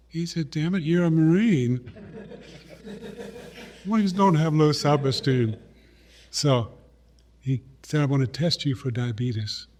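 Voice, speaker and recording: A man's voice: medium pitch, mellow. A man in his eighties from South Dakota, a guest telling his life story at an easy pace and acting out remembered conversations. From South Dakota, USA. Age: 80s. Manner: unhurried, acts out remembered dialogue. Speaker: guest, retired Olympic runner.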